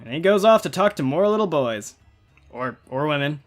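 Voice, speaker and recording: A man chats loosely over a playthrough, trailing off and circling back as he goes. His voice sits a touch higher than most men's. Faint game music plays softly behind him. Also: lively intonation, normal speed. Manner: rambling, chatty, self-interrupting. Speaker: gaming channel host. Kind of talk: casual gameplay commentary.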